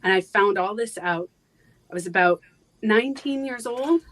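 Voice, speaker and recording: Speaking as a guest in a live interview, a woman recounts a personal story haltingly, full of fillers and restarts, her voice growing soft at the painful parts. Her voice is mid-range, and the recording quality is low.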